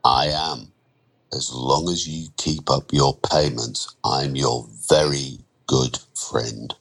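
A man reading a story and voicing a male loan shark who is falsely friendly and quietly threatening. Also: medium pitch, animated, normal speed, voice pushed up, close to an everyday voice. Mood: menacing.

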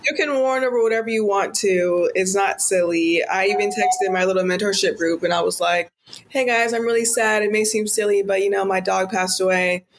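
A woman's voice: mid-range voice, fairly quick. A young woman co-hosting a podcast, telling stories in a chatty way full of "like". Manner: chatty storyteller, many "like" fillers. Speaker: podcast co-host, daughter. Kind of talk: casual podcast chat.

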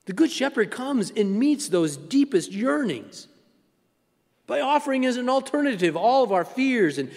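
A man preaching a sermon as pastor, with a rhythmic, repetitive cadence that falls to a hushed, near-whispered delivery. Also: sits high. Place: church sanctuary. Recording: long church reverb.

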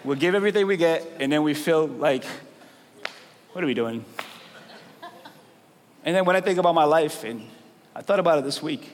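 High-voiced preacher man in a big hall. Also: fast talker, a little hiss or hum. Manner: conversational preaching with slangy asides, building to loud emphatic peaks. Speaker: pastor. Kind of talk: sermon. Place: large church hall with congregation. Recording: long hall reverb, crowd faintly behind.

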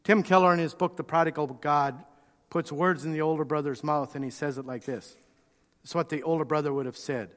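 A preacher delivers a sermon in animated storytelling. His voice is high for a man and rings through a large hall with a long reverb. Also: brisk. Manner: animated storytelling, acts out quotes.

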